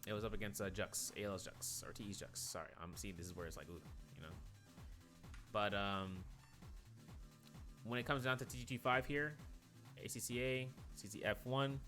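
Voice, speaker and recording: A man commentating an esports match play by play, rattling off quick calls and drifting into rambling asides full of fillers. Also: lowish voice, bright, forceful tone, faint music behind.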